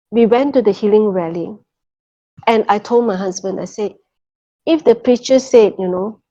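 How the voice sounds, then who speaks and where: In a muffled lo-fi recording, a middle-aged woman gives an earnest personal faith testimony in a fairly high-pitched voice with a dark tone. She keeps checking in with her listeners and repeats "okay" and "you know" many times.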